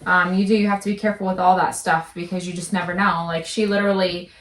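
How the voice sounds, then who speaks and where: Woman host, halting and rambling, casual, roomy and distant sound. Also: on the low side, flat delivery. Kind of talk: casual chat.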